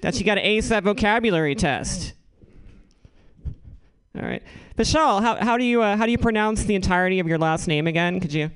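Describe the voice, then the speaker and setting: A woman's voice: mid-range voice, expressive, brisk, long pauses, clear, resonant tone, poor audio. A woman comic opening her stand-up set with wry banter toward the host.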